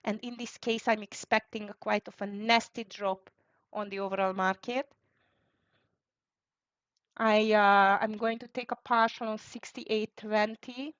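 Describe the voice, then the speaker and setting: A woman's voice: mid-range voice, steady tone, unhurried, fairly bright tone, no echo. A woman hosting a live trading stream, thinking aloud in slightly as she calls out prices and frets about the market. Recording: dry, dull lo-fi sound.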